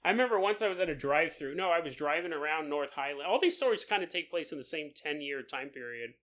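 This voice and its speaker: A male podcast host on a livestream, chatting casually and telling stories with frequent laughter. His voice is bright and his pitch swings widely as he gets into his tales. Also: fast. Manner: animated storyteller, laughs often mid-sentence. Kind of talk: casual livestream chat, reading listener comments.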